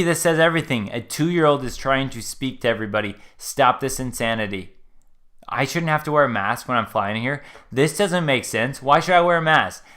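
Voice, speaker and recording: A man hosting a live stream with a bright, forward voice in middle pitch. He talks in a loose, rambling way, earnest and opinionated, and often trails off mid-thought. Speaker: live stream host reacting to a video. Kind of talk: casual commentary.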